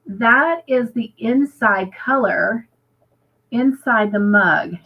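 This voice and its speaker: A woman's voice: on the high side, animated, takes it slowly, dull audio. An American woman hosting a casual livestream chat, upbeat and chatty, reading viewer comments aloud. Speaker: livestream host.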